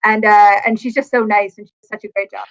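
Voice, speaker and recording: A woman author talking casually in an animated, quick way. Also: medium pitch, lo-fi sound. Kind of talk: casual conversation.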